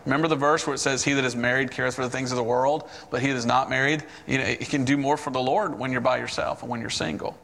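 A man's voice: mid-range voice, quick pace, gravelly, in a large hall. A man in his forties, a missionary preacher, telling his testimony in a sermon, acting out the people in his story. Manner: storytelling, animated quoted voices.

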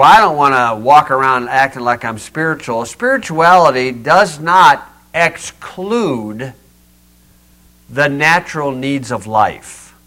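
A man's voice: fairly high pitch, pushed and bright. A man preaching a sermon to a small congregation, mixing pointed rhetorical questions with folksy jokes. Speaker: pastor. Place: small church building.

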